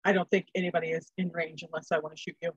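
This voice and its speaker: A woman's voice: deep voice, little pitch movement, racing, husky, no echo, lo-fi sound. A woman playing a tabletop game, thinking aloud about her moves and asking how the rules work. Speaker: player.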